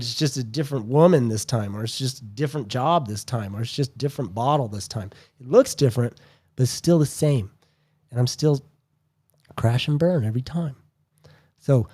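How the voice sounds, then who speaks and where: A man co-hosting a recovery podcast, speaking in a slow, earnest, reflective way. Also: medium pitch, warm tone. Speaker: podcast co-host. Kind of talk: reflective talk.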